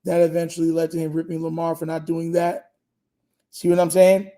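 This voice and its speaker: A man's voice: fairly high pitch, monotone, a little fast, mellow. A young man hosting a fan live stream, talking casually and emphatically, repeating his points and using slang. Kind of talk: casual live reaction chat.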